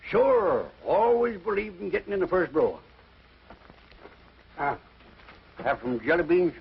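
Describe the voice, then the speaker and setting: An actor playing a brash, boisterous old cowboy grandfather, talking in a loud, folksy, blustering way, in a dull old film recording. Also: high-pitched, expressive, unhurried, vocal fry, a little hiss or hum, full character voice. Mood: jovial. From Wyoming. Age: older. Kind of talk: 1950s TV drama acting. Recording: dull lo-fi 1950s film sound.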